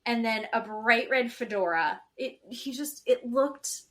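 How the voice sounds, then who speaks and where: A woman with a bright, higher-pitched voice talks through a reality-show episode with her co-host. Her tone is blunt and gossipy, and she trades frank opinions in loose, casual podcast chat. She acts out what the people on the show said. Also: unhurried. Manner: blunt, gossipy, animated retelling with quoted voices.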